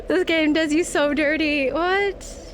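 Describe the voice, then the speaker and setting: A woman streaming a video game, reacting excitably with gasps, shouts of frustration and sarcastic asides. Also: high voice, takes it slowly, background noise. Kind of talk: gameplay commentary. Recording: loud background music.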